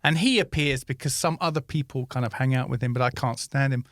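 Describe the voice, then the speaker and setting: A man's voice: medium pitch, fast talker, dry recording, clean studio sound. A male comedian co-hosting a podcast, chatting casually and acting out little stories with voices. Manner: animated storyteller, acts out voices. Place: Moscow.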